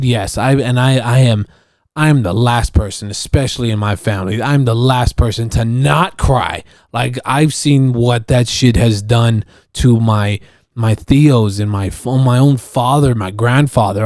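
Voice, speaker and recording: A man's voice: medium pitch, a little mellow, no room sound, studio quality. A young man ranting on his solo podcast in a casual, profane, rambling way, often restarting his sentences. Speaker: podcast host.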